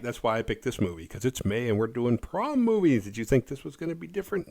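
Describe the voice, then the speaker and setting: A man's voice: medium pitch, very animated, fast talker, vocal fry, hardly any pauses, a little mellow. A man in his forties hosting a horror movie review show, recapping a film in a rambling, offhand way and swearing freely.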